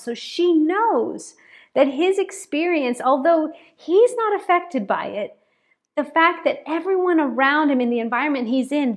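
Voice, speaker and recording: A woman pastor preaching a sermon in an animated way, repeating words for emphasis. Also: sits high. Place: church, speaking to a congregation and online chat.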